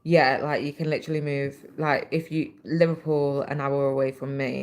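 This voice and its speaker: A woman's voice: rumbling low, level tone, moderate pace, hardly any pauses, darkish tone. A woman from the north of England with a Mancunian accent, chatting casually on a livestream and reading out viewer comments. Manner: chatty, reads viewer comments aloud, many "like" fillers. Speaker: livestream host. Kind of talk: casual chat while stitching on a livestream.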